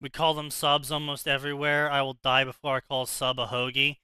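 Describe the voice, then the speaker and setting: Bright, crisp-voiced man. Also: medium pitch, monotone, a little fast, dry recording, low-quality recording. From South Jersey, USA. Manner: rambling, opinionated explaining with frequent restarts. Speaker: podcast co-host. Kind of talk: casual chat.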